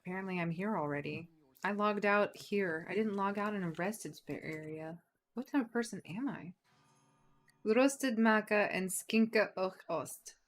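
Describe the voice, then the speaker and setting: Woman, casual gaming streamer, chatty and playful, middle pitch. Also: measured pace. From United States. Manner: chatty, playful, giggly, talks to chat. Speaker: game streamer. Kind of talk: casual chat while gaming.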